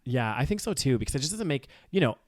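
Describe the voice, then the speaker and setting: A man's voice: mid-range voice, big pitch swings, quick pace, dry recording, clean studio sound. A man co-hosting a podcast in casual chat, rambling and agreeable with lots of fillers. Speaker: podcast co-host.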